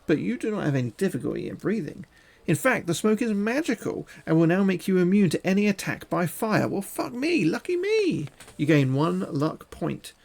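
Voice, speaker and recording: A man reads a fantasy gamebook on a live stream and breaks off often for crude, cheeky jokes. His voice is a little high and has a gravelly texture. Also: a little mellow. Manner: crude, joking asides. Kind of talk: reading a gamebook aloud with banter.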